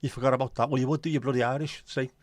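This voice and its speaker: A man's voice: mid-range voice, fairly even intonation, racing, no room sound. A man with a Scouse accent, hosting a livestream in casual, blunt, sweary banter with his viewers. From Liverpool, England. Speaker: livestream host.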